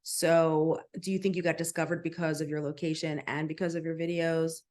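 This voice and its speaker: A woman hosting a casual interview, friendly and quick to laugh. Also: deep voice, flat delivery, darkish tone. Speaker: interviewer host.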